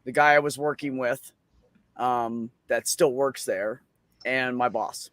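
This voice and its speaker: A man telling a funny story in a casual, profane, animated way at an open mic. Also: medium pitch, slow, no room sound.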